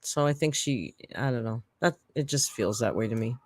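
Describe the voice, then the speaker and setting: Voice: medium pitch, normal speed, no room sound. Sarcastic live-stream reaction host, dry sound. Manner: sarcastic, chatty asides.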